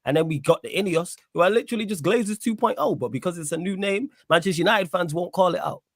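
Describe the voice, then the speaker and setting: A man with a fairly high voice rants with heat on a football panel. His voice is dry and close to the mic. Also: fast, no echo. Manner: heated, ranting. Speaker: panelist, Manchester United fan. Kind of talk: casual football chat.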